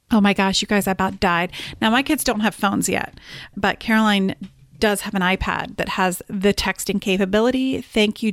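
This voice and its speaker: A woman in her thirties talks casually on her own podcast, telling stories with lots of energy and frequent laughs. Her voice sits in a middle range. The sound is dry and close, with no room echo. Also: mid-range voice. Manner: animated storytelling with laughs. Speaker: podcast host and business coach. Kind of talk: casual solo podcast talk.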